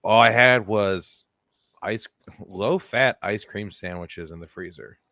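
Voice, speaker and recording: A man co-hosting a comedy podcast, telling stories in an animated way and laughing as he goes. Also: fairly low pitch, slow, gravelly. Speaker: podcast co-host. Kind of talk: comedic storytelling chat.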